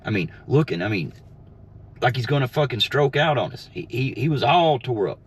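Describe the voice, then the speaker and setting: A man's voice: medium pitch, lively intonation, moderate pace. A man streaming from his car, ranting in a profane, combative and mocking way. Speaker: streamer and delivery driver. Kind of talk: ranting livestream monologue. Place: inside a car. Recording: clear car and street noise. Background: car road noise.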